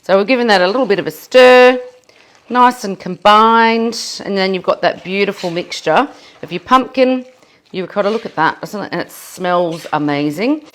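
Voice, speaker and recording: A woman with an Australian accent runs a live cooking demo in her home kitchen, speaking at a moderate pace in a mid-range, fairly bright voice. She's chatty and self-deprecating, laughing at her own mess.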